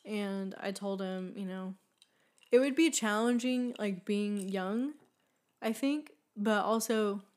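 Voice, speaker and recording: A young woman chatting on her podcast, earnest and talkative, with plenty of fillers and easy laughter. Her voice sits at an ordinary middle pitch. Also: takes it slowly, darkish tone. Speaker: podcast co-host. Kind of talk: casual chat.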